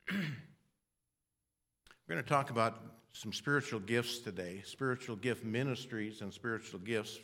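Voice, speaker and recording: An older man preaching a sermon in a rambling, self-deprecating way, with restarts and throat clearing. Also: medium pitch, measured pace, long pauses, bright, forceful tone.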